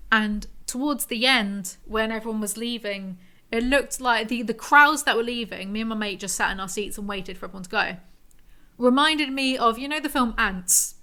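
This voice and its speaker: A woman hosting a podcast, telling a story in a rambling, animated, self-mocking way. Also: on the high side, normal speed. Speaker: podcast host. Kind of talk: casual storytelling monologue.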